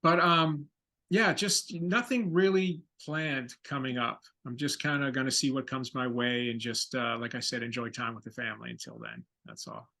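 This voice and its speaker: A man's voice: mid-range voice, moderate pace, vocal fry, bright, forceful tone. A man being interviewed as a guest over a video call, speaking in a laid-back way with short agreeing replies. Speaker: guest actor. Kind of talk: casual interview.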